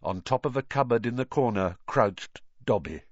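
Brief: male storybook narrator, expressive and animated, dry dull lo-fi sound. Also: mid-range voice, normal speed, no room sound. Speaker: audiobook reader.

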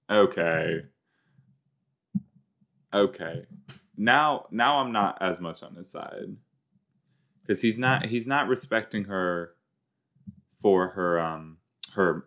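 A man's voice: sits low, drawn-out words, long pauses, a bit bright. A man hosting a rewatch podcast, giving rambling, jokey reaction commentary that often trails off.

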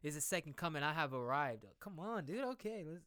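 A man reacting to a new song in a casual, excitable, slangy way, thinking out loud as he listens. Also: on the high side, fairly quick, smooth, no echo, studio quality. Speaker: music reaction vlogger. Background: music playing.

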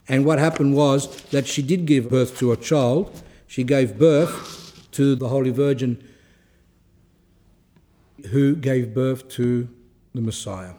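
Mellow-voiced man reading and explaining scripture. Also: medium pitch. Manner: reads passages slowly, then explains in quick asides. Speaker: Orthodox speaker giving a talk. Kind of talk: reading aloud and explaining a saint's life in a talk.

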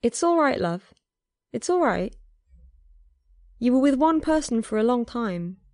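A woman voicing a flirtatious, tattooed and pierced man who talks softly and playfully in a story reading. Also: a little high, big pitch swings, unhurried, no room sound, clean studio sound, pitched above the performer's own voice. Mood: tender.

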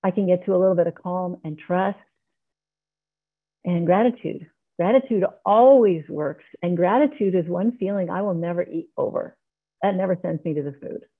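A woman's voice: fairly low pitch, moderate pace, breathy edge. Earnest woman sharing over tinny call. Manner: earnest and heartfelt. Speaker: member sharing at a recovery meeting. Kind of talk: personal testimony share. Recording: tinny online call audio.

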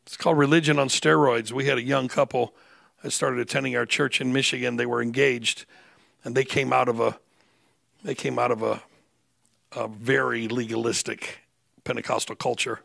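A middle-aged male pastor, preaching conversationally and building to loud, emphatic outbursts. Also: mid-range voice, little pitch movement, moderate pace, vocal fry, dry recording, clean studio sound. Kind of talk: sermon.

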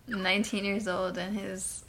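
A woman's voice: medium pitch, fairly bright tone, slight background noise. A young woman co-hosting a podcast in casual chat, laughing easily and leaning on "like". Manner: laughs easily, frequent "like" fillers. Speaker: podcast co-host.

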